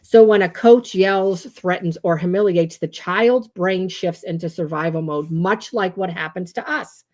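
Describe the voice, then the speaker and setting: A chatty woman with a slightly low voice hosts a casual livestream as a trauma-informed educator. Her talk is loose and animated, with lots of fillers and restarts, and she keeps acting out little quotes in different voices. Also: unhurried, hardly any pauses.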